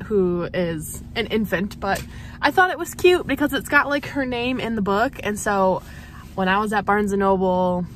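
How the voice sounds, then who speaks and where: A young adult woman vlogging in a car, gushing with breathless excitement and laughing often. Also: mid-range voice, slight background noise. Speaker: book vlogger. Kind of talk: excited casual vlog chat.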